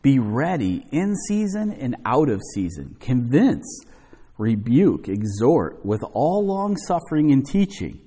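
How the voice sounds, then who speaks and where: A man's voice fills a reverberant sanctuary as he preaches at an unhurried pace. His delivery swings from low to high to drive each point home. The tone is mellow and a little husky. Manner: slow, emphatic reading with lively rises and falls. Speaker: pastor. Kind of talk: expository sermon with scripture reading. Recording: long hall reverb.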